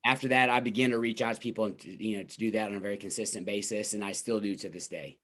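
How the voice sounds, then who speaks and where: A man's voice: fairly low pitch, fairly even intonation, fast talker, fairly bright tone. A man hosting a podcast, chatting casually and enthusiastically with his guest. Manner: enthusiastic, complimentary. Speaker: podcast host. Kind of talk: casual interview chat.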